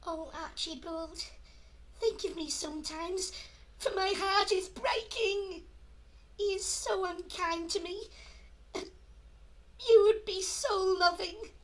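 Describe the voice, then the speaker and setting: A prim, innocent young milkmaid in a comic operetta, speaking in a very high, melodramatic falsetto. She talks slowly and with great propriety, clinging to her duty. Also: fairly bright tone, full character voice. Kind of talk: comic operetta dialogue, one-man performance. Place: his room at home.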